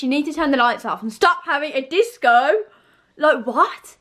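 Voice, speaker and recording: High, lively young woman, bossy and mocking. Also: moderate pace. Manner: bossy, mocking sibling banter. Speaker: younger sister in a vlog. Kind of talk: casual challenge vlog chat.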